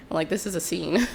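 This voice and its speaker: A young woman tells her own story in a slow, reflective way, her voice sitting a little low. She shifts into quoted lines as she goes, and a faint hiss of background noise runs beneath her. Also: gravelly. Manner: unhurried, reflective retelling with quoted dialogue. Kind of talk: personal storytelling.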